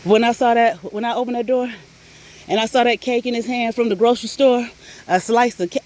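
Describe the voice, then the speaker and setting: A middle-aged woman chatting casually, animated and laughing often, with frequent swearing, while out on a walk. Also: fairly high pitch, fairly quick. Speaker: vlogger. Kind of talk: casual storytelling chat. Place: outdoors on a walk.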